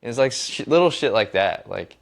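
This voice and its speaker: A man's voice: mid-range voice, fairly quick, vocal fry. A man hosting a podcast, chatting casually, telling stories and swearing freely. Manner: swears freely and tells stories with relaxed energy. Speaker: podcast host.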